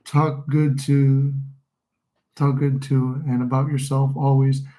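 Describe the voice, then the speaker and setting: A man's voice: mid-range voice, flat delivery, takes it slowly, warm tone, roomy sound, poor audio. A young adult man hosting a casual live stream, giving rambling, encouraging advice. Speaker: livestream host and manifesting coach.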